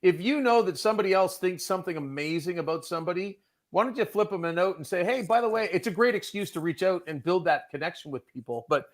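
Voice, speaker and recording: A man's voice: high voice, animated, fast. A man in a casual panel chat, talking in an upbeat, motivational way and urging listeners to reach out to others.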